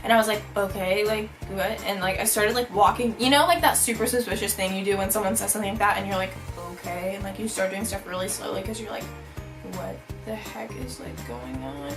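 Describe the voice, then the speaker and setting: A young woman telling a storytime vlog, bubbly and animated, saying "like" constantly. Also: medium pitch, fast, hardly any pauses, over music, low-quality recording. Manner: bubbly, animated, heavy use of "like". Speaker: vlogger.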